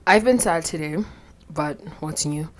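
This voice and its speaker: A woman's voice: sits low, a little slow. A young woman, talking bluntly and profanely in a rambling confessional vlog, her voice a little shaky with anxiety. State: anxious, voice shaky. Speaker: vlogger.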